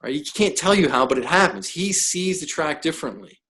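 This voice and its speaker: A man's voice: fairly high pitch, lively intonation, fairly quick, a bit bright, slight background noise, poor audio. A man who is a professional coach, talking as a podcast guest in an emphatic, blunt way, full of rhetorical questions. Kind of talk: podcast interview.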